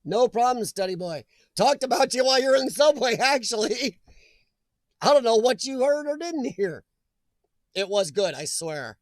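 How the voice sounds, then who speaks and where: A man's voice: extremely high pitch, lively intonation, normal speed, no room sound. A man hosting a live chat stream, chatting casually and jokingly with viewers and reading their comments aloud, laughing often.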